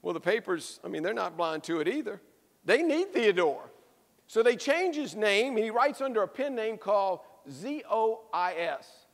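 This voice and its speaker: High-voiced pastor preaching in an echoey church. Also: male voice, moderate pace. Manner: lively storytelling with emphatic repetition. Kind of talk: sermon.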